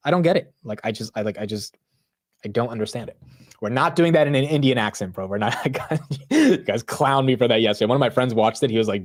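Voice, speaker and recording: A man hosting a live market stream, talking loudly and animatedly in casual commentary, often poking fun at himself. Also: mid-range voice, fast. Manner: loud, animated, self-mocking. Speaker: livestream market show host.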